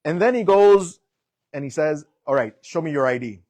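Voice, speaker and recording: A young adult man preaching, telling a personal story in an animated way and acting out the voices in it. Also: fairly high pitch, normal speed, no echo. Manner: animated storytelling, acts out quotes.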